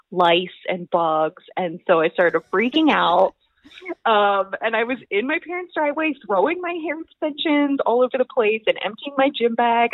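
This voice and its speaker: A young woman telling stories about competition prep in a rambling, animated way, full of fillers. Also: on the low side, no echo. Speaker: bodybuilding competitor, podcast guest. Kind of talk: casual storytelling chat. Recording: thin phone-like line.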